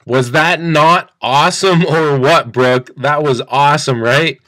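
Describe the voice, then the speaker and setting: A man teaching a sales pitch in an upbeat, repetitive way, acting out both sides of a phone call. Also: a little slow, pushed and bright, no echo. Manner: upbeat, repeats phrases, acts out phone dialogue. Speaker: sales coach. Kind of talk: screen-share training talk.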